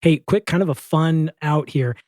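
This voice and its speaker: A man's voice: a little high, moderate pace, a little mellow, no room sound. A man hosting a podcast, chatting casually and agreeing often with his guest. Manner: affirming, chatty, frequent agreement. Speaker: podcast host, doctor. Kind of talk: casual interview chat.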